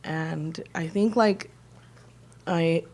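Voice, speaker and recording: A woman's voice: sits low, drawn-out words, a little mellow. A woman in her thirties co-hosting a podcast, talking in a rambling, emotional way with many fillers while holding back tears. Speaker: podcast co-host. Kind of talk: casual heartfelt conversation.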